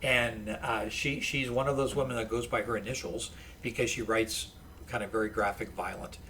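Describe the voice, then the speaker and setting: A man's voice: fairly low pitch, normal speed, slight background noise. A male college professor telling anecdotes in a casual podcast interview, restarting his sentences often. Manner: animated anecdotes with frequent restarts.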